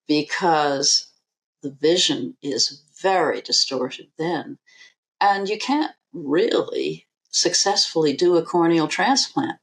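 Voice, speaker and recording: With a low-pitched voice, a female eye surgeon answers podcast interview questions at a measured pace. She stresses her points firmly and restates the important figures.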